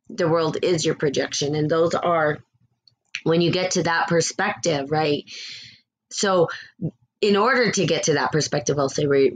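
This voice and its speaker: A woman's voice: low-pitched, slight background noise. A woman hosting a spiritual talk show, speaking in a blunt, candid, casual way, swearing freely and laughing now and then. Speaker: spiritual podcast host.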